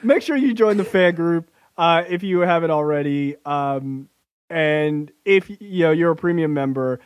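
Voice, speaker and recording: A man's voice: on the high side, measured pace, clear, resonant tone, no echo. A man hosting a podcast, chatting in a brash, profane way and laughing often. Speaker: podcast host. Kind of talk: casual profane comedic chat.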